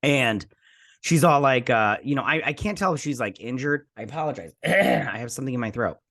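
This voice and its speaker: A man's voice: mid-range voice, animated, fairly quick, a bit bright. A man hosting a casual episode review, chatty and rambling, full of fillers and blunt opinions. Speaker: host.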